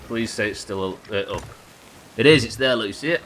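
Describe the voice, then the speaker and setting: A man's voice: on the low side, a little fast, fairly bright tone, slight background noise. A young man streaming a pirate game live, chatting with viewers and swearing casually. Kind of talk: live game commentary reading chat.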